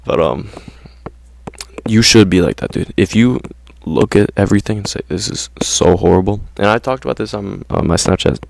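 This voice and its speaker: A man's voice: fairly low pitch, normal speed, vocal fry, darkish tone, no echo. A man ranting casually to his viewers in slangy, profane talk, saying "bro" constantly. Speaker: vlogger. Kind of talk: casual rant to camera.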